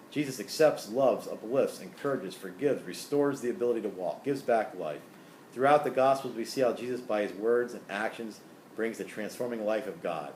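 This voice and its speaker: A man's voice: fairly low pitch, darkish tone, a little hiss or hum. A man giving a classroom lecture in a conversational way, often checking in with tag questions and asides. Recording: echoey room, faint ambience.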